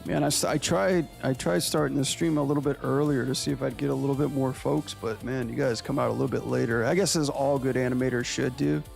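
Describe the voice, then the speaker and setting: Gravelly, laid-back streamer guy. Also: medium pitch, quick pace, hardly any pauses, faint music behind. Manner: relaxed, slangy, chats with viewers. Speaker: animator and streamer. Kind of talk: casual livestream chat.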